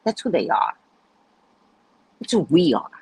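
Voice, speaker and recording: A woman's voice: fairly low pitch, very animated, a little slow, noisy background. A woman from the United States hosting a casual livestream chat, telling stories in a loose, profane way and acting out the voices of the people she quotes. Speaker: livestream host.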